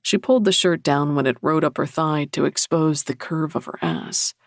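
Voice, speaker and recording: A man narrating a paranormal romance audiobook in the first person, with a low, even, intimate delivery. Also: normal speed, no room sound, studio quality.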